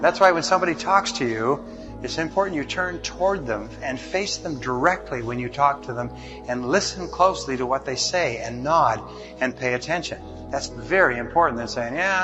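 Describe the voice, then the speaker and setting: A man giving a motivational seminar lecture, working through numbered points. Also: medium pitch. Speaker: motivational speaker. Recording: dull lo-fi recording under music.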